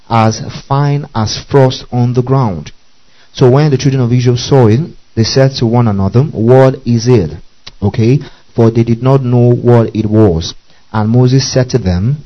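A man teaching a Bible passage verse by verse, often pausing to ask his listeners if they follow. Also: mid-range voice, dull audio. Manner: checks in often with "okay?" and "you see that?".

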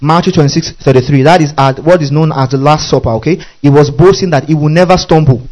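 Lively high-voiced preacher. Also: male voice, fast talker, rough recording. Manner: animated, asks the audience questions, laughs between phrases. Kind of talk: sermon.

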